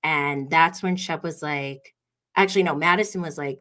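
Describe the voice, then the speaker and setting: A woman's voice: lowish voice, moderate pace, bright, forceful tone. A woman hosting a podcast livestream, chatting casually and gossiping, laughing often as she tells stories. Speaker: podcast host.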